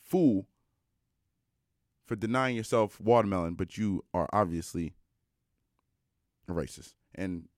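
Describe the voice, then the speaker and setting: A young adult man telling a personal story in a casual monologue, animated and emphatic, with many fillers. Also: sits low, slow, pauses often, no echo, clean studio sound.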